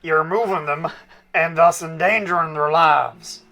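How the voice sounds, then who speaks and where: A man with a gravelly, bright, fairly high voice plays in a tabletop game and scolds earnestly. Faint music plays behind him. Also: unhurried. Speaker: player. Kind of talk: casual role-play chat.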